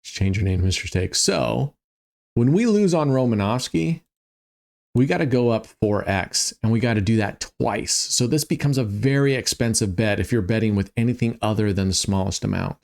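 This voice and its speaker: A man's voice: lowish voice, lively intonation, moderate pace, gravelly, darkish tone. Tired man explaining roulette bets casually. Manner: chatty, thinks aloud, frequent um and restarts. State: tired, yawning. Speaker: online roulette streamer. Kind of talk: casual walkthrough of betting strategies.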